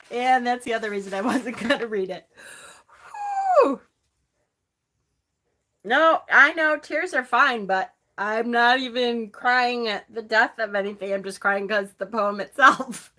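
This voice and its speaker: A woman's voice: on the high side, bright, forceful tone. A middle-aged woman hosting a live stream, chatting casually and answering viewers' comments by name. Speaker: host of a pagan live stream.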